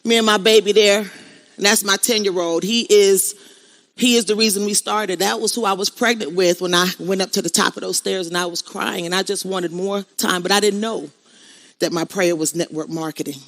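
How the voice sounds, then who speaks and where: A woman's voice: mid-range voice, a bit bright. A middle-aged woman giving a motivational stage speech, emphatic and preachy, repeating lines and calling out to the crowd. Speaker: motivational speaker. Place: on stage at an event.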